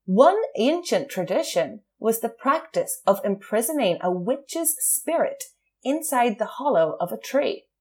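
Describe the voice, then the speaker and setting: A woman's voice: on the high side, very animated, unhurried, a little mellow. A woman co-hosting a podcast, telling a true crime story in a casual chat and laughing often. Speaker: podcast co-host.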